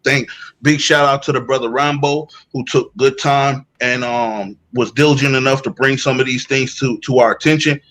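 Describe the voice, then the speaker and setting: A man's voice: mid-range voice, steady tone, moderate pace, fairly bright tone, low-quality recording. A man giving a heated commentary rant, emphatic and preachy, firing off rhetorical questions. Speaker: online commentator.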